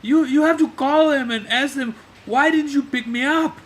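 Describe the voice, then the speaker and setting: A man's voice: sits high, normal speed, bright, forceful tone, voice pushed up. A man mimicking his vain, demanding boss in a raised, pompous, indignant voice. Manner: pompous, self-satisfied, then whiny and indignant. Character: vain, demanding middle-aged male boss.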